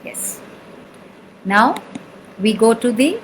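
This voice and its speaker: With long pauses and a measured pace, a medium-pitched woman with an Indian accent leads a spoken sound healing lesson, chanting and patiently repeating syllables while confirming the listener follows. A little hiss or hum runs through the rough recording.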